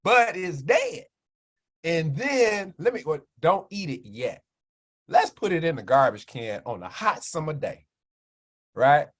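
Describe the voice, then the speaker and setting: Animated preachy man. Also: a little high, a little slow. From Chicago, USA. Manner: animated, keeps asking "right?" for agreement. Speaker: minister and wellness speaker on a livestream. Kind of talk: preachy health talk to a live chat.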